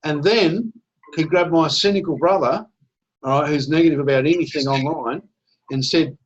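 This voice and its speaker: A man giving an energetic, persuasive sales pitch on a video call, often checking in with "all right?". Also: moderate pace. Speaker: network marketing presenter. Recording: dull lo-fi call audio.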